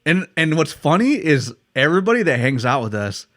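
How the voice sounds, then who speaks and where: A man's voice: a little high, sing-song, fairly quick, fairly bright tone, dry recording, clean studio sound. A young man from the United States co-hosting a podcast, chatting casually with lots of swearing and laughter. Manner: swears a lot, laughs while telling stories. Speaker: podcast co-host. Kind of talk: casual chat.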